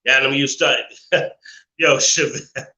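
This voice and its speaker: A man's voice: medium pitch, steady tone, slow, bright, forceful tone, reverberant, low-quality recording. A man hosting a live call-in stream, talking in an opinionated, preachy way and laughing often as he reads chat messages. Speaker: live show host.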